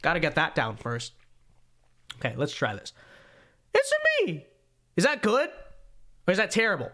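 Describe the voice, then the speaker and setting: A young man hosting a casual livestream, reading viewer donations aloud in an animated, joking way with frequent restarts. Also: fairly high pitch, moderate pace. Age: young adult. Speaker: show host.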